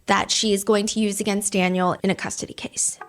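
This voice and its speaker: A woman hosting a true crime podcast, calmly explaining a case and walking through theories. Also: mid-range voice, brisk.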